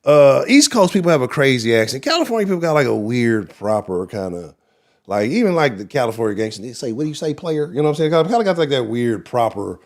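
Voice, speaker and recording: This sports show host from Texas speaks with a Texan accent at medium pitch, in a sing-song way, and talks fast. His live stream is rambling and profane, full of laughter and asides to the chat.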